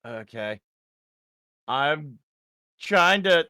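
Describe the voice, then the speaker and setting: A man with a bright, crisp, smooth voice plays in a tabletop game. He talks loosely and crudely, swearing freely as he works through his moves, recorded close and dry. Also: mid-range voice, expressive, moderate pace, no room sound. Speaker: player. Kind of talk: casual tabletop game chat.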